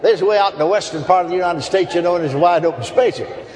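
A man's voice: high-pitched, very fast, darkish tone. A man preaching a sermon, telling folksy stories, chuckling often and asking the crowd for amens. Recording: long hall reverb.

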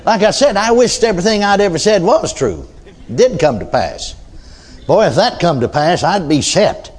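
A man's voice: high voice, sing-song, normal speed, a little mellow. An older man preaching a sermon in a folksy storytelling way, often adding amens and hallelujahs.

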